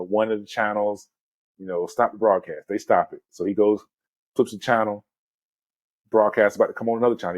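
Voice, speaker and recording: Man, forties, lowish voice, podcast host, animated rambling storytelling, casual slang, dry close sound. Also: no room sound. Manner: animated storyteller, peppers talk with "man" and "you know". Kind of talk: casual movie discussion.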